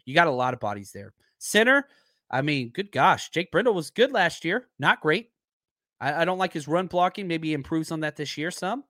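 A man hosting a podcast in loose, rambling talk, his voice hoarse and worn down. He sits close to the mic in a dry, dead room, his voice a bit higher than most men's. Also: a bit bright, no echo. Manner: rambling, chatty, searches aloud for names. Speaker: podcast host. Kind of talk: casual live-stream chat.

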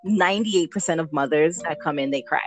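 A woman's voice: low voice, fairly quick. A woman newborn photographer chatting in an interview, laughing easily and acting out what people say. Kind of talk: casual interview chat.

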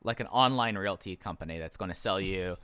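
A man's voice: deep voice, fairly quick, pushed and bright, clean tone, no room sound. A man co-hosting a podcast, chatting casually and with strong opinions, often restarting his sentences. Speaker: podcast co-host. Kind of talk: casual chat reviewing a wrestling show.

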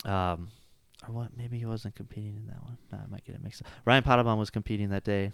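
A man's voice: lowish voice, steady tone, quick pace, vocal fry, dry recording. A jiu-jitsu coach chatting casually in an interview, rambling and filling his sentences with "like" and "you know.". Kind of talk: casual chat.

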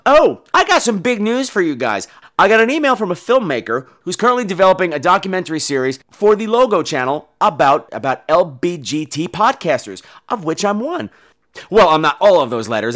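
A man hosting his own podcast, chatting casually in a campy, animated way and slipping into playful put-on voices. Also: high-pitched, a little fast. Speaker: podcast host. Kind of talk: casual solo podcast chat.

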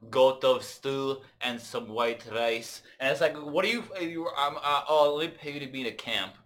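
Rambling, profane man comedian, bright tone. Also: mid-range voice, moderate pace. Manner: rambling, profane storytelling with many restarts. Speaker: stand-up comedian, podcast guest. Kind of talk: casual podcast chat.

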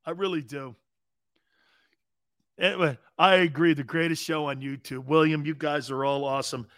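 Man, 50s, show host, bright forceful voice, slightly high, dry sound. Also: moderate pace, no echo. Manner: animated storyteller, chuckles often. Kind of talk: casual livestream talk.

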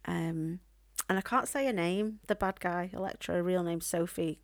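A woman's voice: lowish voice, moderate pace, gravelly, no room sound, clean studio sound. A woman co-hosting a podcast, chatting playfully about a film and gushing over the cast. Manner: playful, gushing, slips into silly put-on voices. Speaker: podcast co-host. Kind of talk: casual film review chat.

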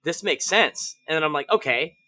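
A man as a podcast guest, telling stories animatedly, swearing freely and acting out shouted range commands. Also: on the high side, expressive, normal speed. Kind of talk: casual interview chat.

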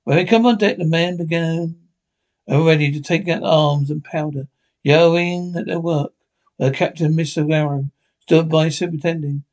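A man narrating a classic adventure story in an even, steady reading tone, his voice sitting a little high for a man. He stumbles and restarts now and then. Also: normal speed, low-quality recording. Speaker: audiobook narrator.

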